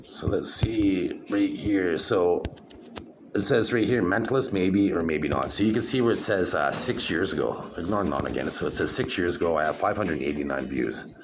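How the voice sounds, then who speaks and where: A man from Canada talking to camera in a rambling monologue, aggrieved and halting, full of fillers and restarts. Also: low voice, expressive, noisy background. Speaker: vlogger.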